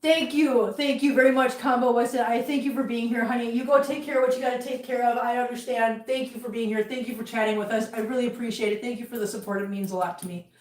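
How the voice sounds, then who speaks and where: A high-voiced middle-aged woman rambles through a casual live chat while she tidies at home. She vents with heat between asides. Her voice comes from well back in a roomy space. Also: fairly even intonation, fast talker, few pauses, darkish tone, recorded from a distance. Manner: chatty, rambling, heated venting. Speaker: livestream host. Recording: roomy, from off-mic.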